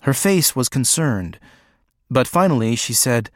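Man, audiobook narration, measured and even, very unhurried, dry close sound. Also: medium pitch, no room sound.

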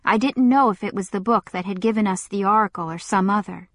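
A woman narrating a novel in a measured, deliberate first-person reading. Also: medium pitch, no room sound, clean studio sound. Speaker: audiobook narrator. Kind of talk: scripted narration.

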